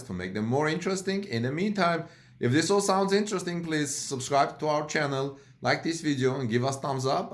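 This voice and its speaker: A middle-aged man hosting a car news vlog, talking casually to camera and gently drawing out a guest with questions. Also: medium pitch. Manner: gentle, encouraging, asks his daughter questions. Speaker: host of a car news channel.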